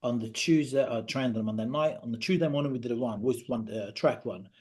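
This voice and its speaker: Man in his 30s as podcast guest, earnest personal story, halting delivery, often drops quiet, mid-pitched voice. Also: husky. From Britain.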